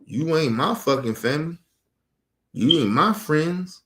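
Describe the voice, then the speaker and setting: A man with a somewhat high voice pours out an angry, profane rant about his family. He talks emphatically and hammers his points home, sounding like a streamer venting to his viewers. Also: lively intonation, unhurried, a bit bright. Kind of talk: heated personal rant.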